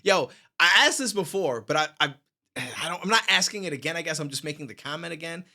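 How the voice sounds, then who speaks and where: A man's voice: fairly high pitch, lively intonation, quick pace, gravelly, sharp tone. A man hosting a reaction video, chatting casually and with energy, full of slang, on a studio microphone. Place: home studio.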